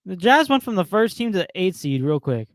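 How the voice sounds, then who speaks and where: A man's voice: sits high, big pitch swings, a little fast, no room sound. A young man co-hosting a casual sports podcast, keeping the show moving in an upbeat, joking way. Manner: upbeat, steers the show, jokey. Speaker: podcast co-host.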